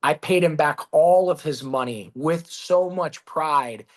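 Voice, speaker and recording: Animated man telling a story. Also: fairly high pitch, slow pace. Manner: animated, swears casually, acts out quotes. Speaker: guest, business founder. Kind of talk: storytelling in a podcast interview.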